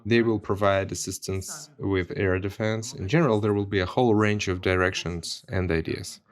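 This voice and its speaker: A man's voice: deep voice, fairly even intonation, normal speed. A man, a member of parliament, giving an earnest video statement and repeating his key points for emphasis. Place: recorded separately from the studio.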